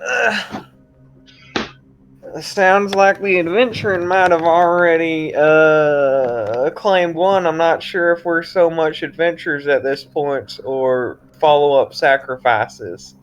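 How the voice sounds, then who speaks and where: Male player, wry and dry, unhurried delivery. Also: on the high side, soft background music, low-quality recording. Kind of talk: in-character tabletop game chat.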